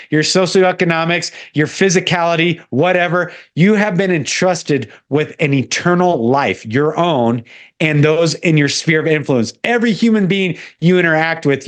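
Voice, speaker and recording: A man speaking as a podcast guest in a fervent, preaching style, quoting scripture often. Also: on the high side.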